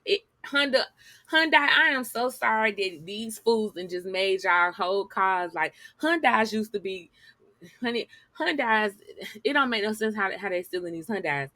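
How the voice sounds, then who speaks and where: Woman vlogger, sassy and blunt, bright voice, dry close sound. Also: medium pitch, no echo. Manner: sassy, blunt, talks straight to viewers. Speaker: news commentary vlogger. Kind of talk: casual commentary reading news articles aloud.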